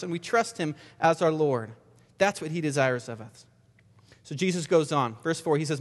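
A male pastor giving an earnest sermon, often repeating words and asking the congregation rhetorical questions. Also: high-pitched. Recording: long reverb of a large hall.

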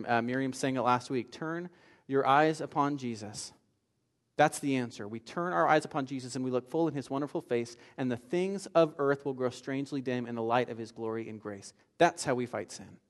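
Male pastor, fairly high voice, earnest sermon delivery, long church reverb. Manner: earnest, builds from soft pleading to fervent emphasis.

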